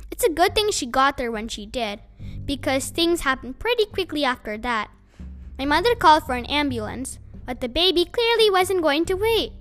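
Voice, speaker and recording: A woman reading a children's novel aloud, telling the story in a gentle, unhurried way. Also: sits high, big pitch swings, faint music behind.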